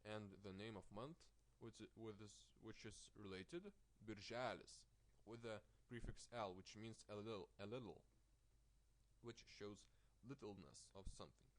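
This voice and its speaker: Slow, careful man teaching. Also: lowish voice, slight background noise. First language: Lithuanian. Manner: slow, careful, repeats words with stress, small restarts. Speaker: language teacher. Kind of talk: vocabulary lesson.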